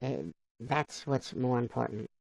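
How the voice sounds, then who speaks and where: A man's voice: mid-range voice, steady tone, unhurried, vocal fry, darkish tone, dry recording, poor audio. A man on a live stream, chatting casually, laughing often and reading viewers' comments aloud. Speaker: livestreamer.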